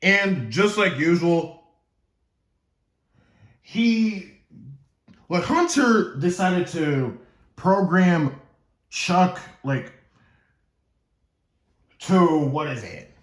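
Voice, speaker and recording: A man's voice: sits high, animated, drawn-out words, pauses often. Rambling young man in an echoey room. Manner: rambling, loses his script and stumbles, jokes to himself. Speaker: gaming YouTuber. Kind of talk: casual lore explainer.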